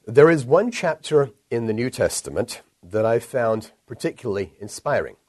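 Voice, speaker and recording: A man delivering a recorded sermon as a pastor, measured and earnest, lifting his voice when he reads scripture. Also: mid-range voice, animated, a little mellow, husky, dry recording.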